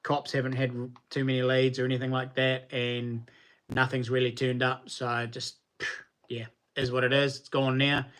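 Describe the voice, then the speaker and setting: A man with a New Zealand accent, a knife maker chatting casually on a livestream and answering viewers in a relaxed, colloquial way. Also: medium pitch, moderate pace.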